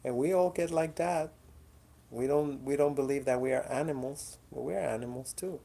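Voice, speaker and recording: This is a woman's very deep, warm voice with vocal fry, moving at a moderate pace. She's indoors in her apartment having a casual chat with her cats, coaxing and teasing them while a camera in the room records.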